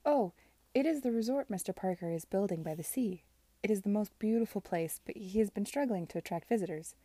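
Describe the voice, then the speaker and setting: A woman reading aloud as a young gentlewoman who talks quickly and is flustered, in a storybook reading. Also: high voice, no echo.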